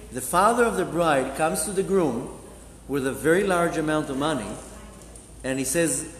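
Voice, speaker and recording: A man's voice: fairly high pitch, slight background noise. A man, a rabbi, teaching a Torah class and telling a story, acting out the dialogue of its characters. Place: synagogue hall. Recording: echoey hall with faint ambience.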